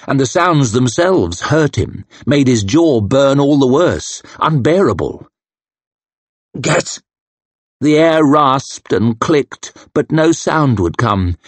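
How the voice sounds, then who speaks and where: A man reading a fantasy audiobook as narrator in a slow, measured manner. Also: mid-range voice, dry recording. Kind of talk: scripted narration.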